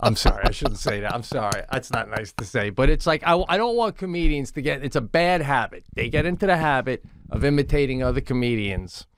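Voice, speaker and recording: A middle-aged man co-hosting a comedy podcast in casual chat, telling stories in an animated way, laughing often and swearing freely. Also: mid-range voice, a little fast, few pauses. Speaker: podcast co-host.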